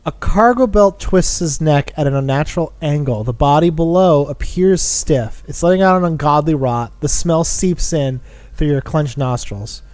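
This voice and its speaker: Guy reading out a game's lines in a casual let's-play, kinda high voice, dry close sound. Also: normal speed, a little mellow, dry recording. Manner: reads game text aloud with playful asides. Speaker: game player reading the game text aloud.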